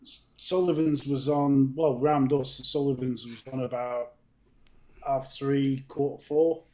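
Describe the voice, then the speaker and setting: This man has a mid-range, dark-toned voice that stays steady and unhurried. He co-hosts a live stream from a home studio, casually greeting each chat viewer with a fond nickname and laughing a lot.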